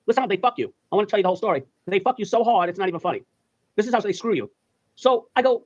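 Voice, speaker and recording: A man's voice: high-pitched, racing. A man telling a profane comic rant, swearing and acting out both sides of a phone call. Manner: swearing, acts out phone calls. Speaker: storyteller in a played clip. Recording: dull lo-fi clip audio.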